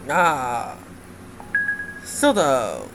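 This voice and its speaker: A man's voice: mid-range voice, wildly swooping pitch, extremely slow, vocal fry, over loud music, low-quality recording. Rambling, giggly young game developer man. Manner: rambling, laughs often, many fillers. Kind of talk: casual development update commentary.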